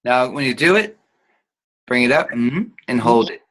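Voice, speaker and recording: A man's voice: mid-range voice, lively intonation, normal speed, fairly bright tone, low-quality recording. A man teaching an online acting class, guiding students patiently and showing each sound with hums.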